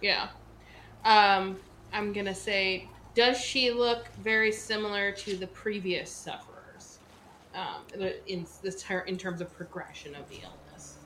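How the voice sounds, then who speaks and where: Slow, bright-voiced woman player. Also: mid-range voice, a little hiss or hum. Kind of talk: tabletop game chat.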